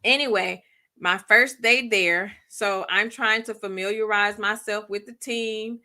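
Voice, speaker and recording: A woman's voice: medium pitch, steady tone, unhurried, sharp tone. A woman host telling a personal story in a casual, chatty way, acting out both sides of the conversations.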